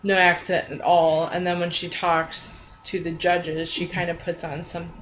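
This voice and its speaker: A woman with a slightly lower-pitched voice talks in a relaxed, chatty way as a podcast co-host. She keeps the recap casual and is quick to agree. The recording has a faint hum underneath. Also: low-quality recording.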